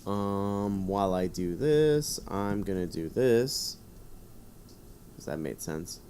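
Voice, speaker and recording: A man's voice: low voice, expressive, slow, a little mellow, slight background noise. A man streaming live, reading a choose-your-own-adventure book aloud with rambling, self-mocking asides.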